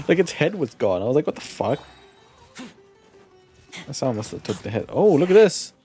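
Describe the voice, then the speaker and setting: A man streaming a video game live, chatting casually, excitable and profane, with playful shouted exclamations. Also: fairly high pitch, moderate pace. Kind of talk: casual live gameplay commentary. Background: faint game music.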